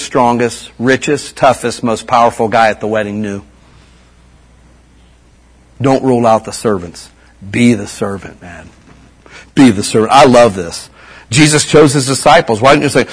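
A man's voice: medium pitch, moderate pace, slightly rough. A middle-aged man giving a casual, folksy sermon as a pastor, full of slang and repeated asides.

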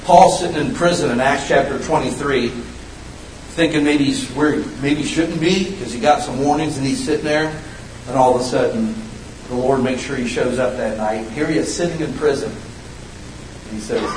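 A man in his fifties preaching a sermon as pastor, folksy and animated, with sudden shouted bursts. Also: mid-range voice, background noise. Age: 50s. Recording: echoey room, voice from a distance.

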